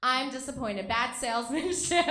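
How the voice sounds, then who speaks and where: A woman's voice: high voice, expressive, measured pace, pushed and bright. A young woman performing a stand-up comedy set on a small theater stage into a handheld mic, telling self-deprecating stories with dry punchlines. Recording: roomy live theater sound.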